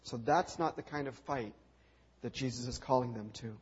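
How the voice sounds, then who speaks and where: A man's voice: medium pitch, normal speed, slightly rough. A male preacher retelling a scripture story dramatically, with rhetorical questions and repeated refrains. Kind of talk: sermon. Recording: dull lo-fi recording.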